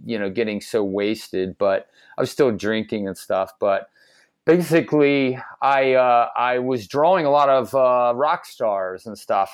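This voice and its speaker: A man's voice: medium pitch, dry recording. Slangy middle-aged man telling stories. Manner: loose, slangy, full of "like" and "dude". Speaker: guest. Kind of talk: casual storytelling.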